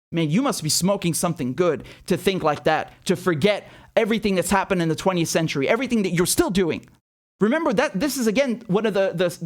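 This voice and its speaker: A man with a fairly high voice delivers angry political commentary. He swears freely and hammers his points with repeated words. He often throws out mocking rhetorical questions. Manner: heated, profane, emphatic with many repeated words.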